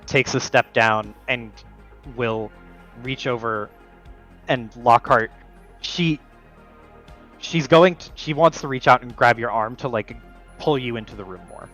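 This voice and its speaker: Male game master, loose filler-heavy narration, middle pitch, soft music bed. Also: measured pace, long pauses, poor audio. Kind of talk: narrating a tabletop role-playing game.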